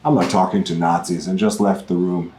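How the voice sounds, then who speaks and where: A man's voice: low-pitched, a little fast, echoey room, a little hiss or hum, poor audio. A German man, a musician and podcast guest, telling stories candidly in casual talk with lots of fillers. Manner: candid, animated storytelling with many fillers. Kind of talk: casual conversation. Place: in person at a music festival.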